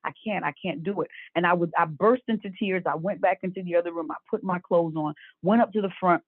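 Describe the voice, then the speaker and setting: A woman's voice: fairly low pitch, quick pace, no room sound. Woman, fifties, earnest storyteller, faith testimony, tinny phone-like sound, dry. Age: 50s. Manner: earnest storytelling, acts out quoted voices. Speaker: guest.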